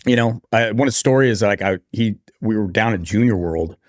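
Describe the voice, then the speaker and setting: A man from California, a podcast guest, telling stories in an animated, slangy way. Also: lowish voice, fairly quick, dry recording, clean studio sound. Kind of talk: casual storytelling interview.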